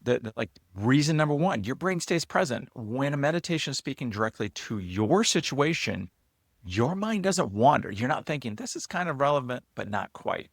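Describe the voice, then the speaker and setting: A man hosting his own channel, walking viewers through an app in a relaxed, chatty way, loose with fillers and restarts. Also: mid-range voice, normal speed, gravelly, dry recording, clean studio sound. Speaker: host and app founder. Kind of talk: casual screen-share walkthrough.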